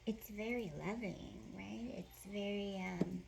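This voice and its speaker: Slow, gravelly-voiced playful woman. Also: mid-range voice, fairly even intonation, slight background noise. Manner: playful, laughing often and joking; drifts into soft whispered affirmations. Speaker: spiritual card reader. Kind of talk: casual oracle card reading to camera.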